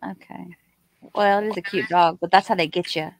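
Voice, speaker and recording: A woman's voice: lowish voice, fairly even intonation, fairly quick, dry recording. A woman with a Southern US accent co-hosting a casual live stream, chatting and reading out viewers' comments. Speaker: co-host of a true crime live stream.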